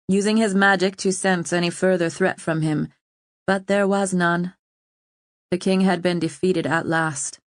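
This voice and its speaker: A woman narrates a fantasy audiobook in a steady, measured way, her voice sitting fairly low. The recording is dry and close, with no room echo.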